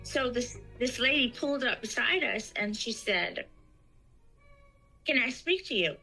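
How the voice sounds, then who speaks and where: A woman's voice: on the high side, expressive, unhurried, gravelly, pushed and bright, faint music behind, rough recording. A woman telling a personal spiritual story as a guest, acting out the voices of the people she quotes.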